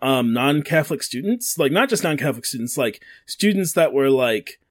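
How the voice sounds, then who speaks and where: A podcast co-host chats casually, spinning rambling stories packed with fillers and restarts. His medium-pitched voice is expressive and moves at normal speed.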